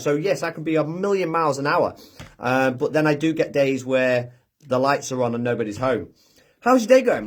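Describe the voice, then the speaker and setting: High-voiced chatty British man. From United Kingdom. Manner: chatty, chuckles often, reads comments aloud. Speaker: livestream host. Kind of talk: casual live chat reading viewer comments. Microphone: phone.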